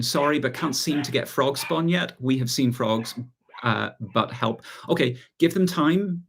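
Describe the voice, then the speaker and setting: A man with an Irish accent hosting a relaxed live chat, reading out viewer questions and answering them with easy laughs. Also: mid-range voice. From Ireland. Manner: relaxed, chatty, reads out viewer comments and laughs often. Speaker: gardening channel host.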